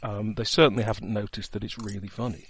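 A man's voice: fairly low pitch, steady tone, quick pace, vocal fry, background noise. A man, the game master, chatting in a rambling way full of fillers and asides as he sets up a tabletop role-playing game. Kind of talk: casual chat, setting up a tabletop game.

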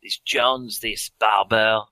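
A man's voice: lowish voice, fairly even intonation, takes it slowly, sharp tone, no echo, rough recording. A man voicing a creepy male professor with a put-on French accent, speaking in grave, cryptic pronouncements during a tabletop role-play. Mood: cryptic, ominous.

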